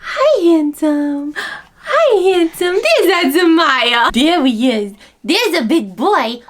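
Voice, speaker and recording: A woman voicing a mother cooing at her baby son in high sing-song baby talk. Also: sing-song, slow, heavily acted.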